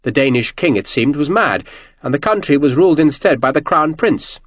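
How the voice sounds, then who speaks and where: A male audiobook narrator telling the story with expressive, animated pitch. His voice sits a little high for a man, and the recording is close and dry with no room sound. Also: moderate pace, no room sound. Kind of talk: scripted narration.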